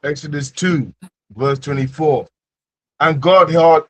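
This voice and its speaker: A man's voice: medium pitch, slow, a bit bright. Man reading scripture aloud. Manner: plain, careful reading with small stumbles. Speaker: scripture reader.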